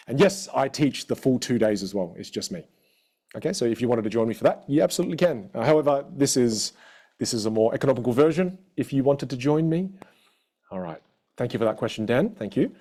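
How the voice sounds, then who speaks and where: A man's voice: mid-range voice, mellow. A middle-aged man hosting an online class, chatting casually and answering questions from a live chat with frequent fillers. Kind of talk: live stream Q&A.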